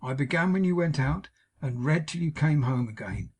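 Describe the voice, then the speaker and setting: A man with a husky voice playing a timid young wife who pleads softly with her husband in an audiobook. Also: mid-range voice, normal speed, natural voice. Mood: pleading. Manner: soft, pleading.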